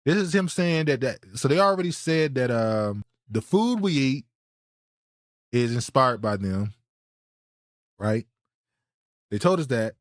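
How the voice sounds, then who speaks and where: A man's voice: mid-range voice, sing-song, unhurried, long pauses, no echo. Blunt indignant man with a dry sound. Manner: blunt, indignant, repeats words as he restarts. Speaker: podcast host reacting to clips. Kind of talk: reaction commentary.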